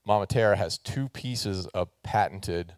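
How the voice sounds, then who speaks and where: A man with a fairly low voice preaches a relaxed, jokey sermon. He talks with the congregation and gets them to join in. The sound is close and dry. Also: unhurried, no echo. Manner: casual, joking, talks with the congregation. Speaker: pastor.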